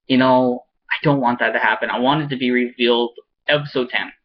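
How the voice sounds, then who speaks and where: A man of middling pitch talks through a TV episode in a casual review. He rambles and stumbles over restarts with a fan's eager energy, and the recording sounds muffled and lo-fi. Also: steady tone. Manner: rambling and halting, with many restarts; enthusiastic fan, laughs often. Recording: dull lo-fi recording.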